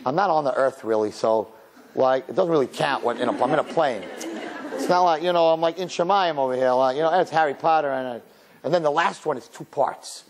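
A middle-aged man, a rabbi, preaching a sermon in an animated, storytelling way, laughing and quoting himself. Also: a little high, brisk, some chatter behind.

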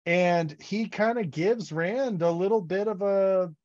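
A man co-hosting a casual fan podcast, animated and laughing, acting out characters' lines as he retells scenes. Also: high-pitched, a little slow. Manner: animated, acts out quotes, laughs often. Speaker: podcast co-host. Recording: dull lo-fi audio.

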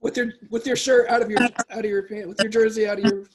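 A man's voice: high voice, level tone, quick pace, a crowd in the background. A male podcast host asking eager, admiring interview questions.

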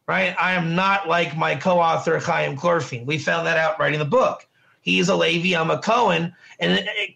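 High, gravelly man teaching casually. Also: sharp tone. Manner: conversational, repetitive, asks "right?" often. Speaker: Torah teacher. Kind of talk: informal classroom lesson.

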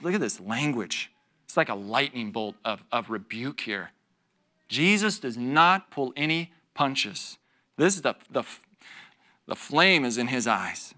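A man's voice: mid-range voice, sing-song, a little slow, sharp tone. A man teaching a Bible study as a pastor, reading scripture with rising force and acting out little scenes. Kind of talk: expository sermon. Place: church.

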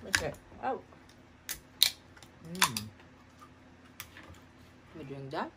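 A woman's voice: fairly low pitch, lively intonation, very slow, pauses often, very noisy. A middle-aged woman eating on camera at home, murmuring between bites and gushing about her food. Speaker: food vlogger. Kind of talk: mukbang eating vlog. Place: home kitchen.

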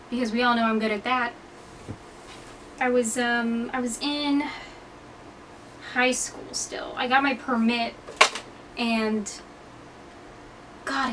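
A woman's voice: on the high side, fairly bright tone, far from the mic, a little hiss or hum, poor audio. Rambling, swearing young woman vlogger. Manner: rambling, profane, self-mocking. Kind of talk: casual storytelling to camera. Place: indoor room, hot.

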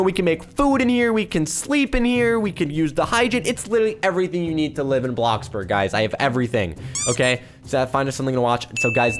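A young man hosting Roblox gameplay commentary, excitable and swinging between hushed mutters and sudden shouts. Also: sits high, a little hiss or hum. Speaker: gaming YouTuber host. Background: background music.

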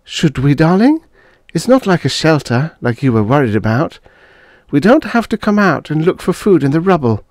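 A man's voice: fairly high pitch, very animated, normal speed, no echo, studio quality, voice pushed up. A man reading the part of a frantic young wife, pleading and near screaming.

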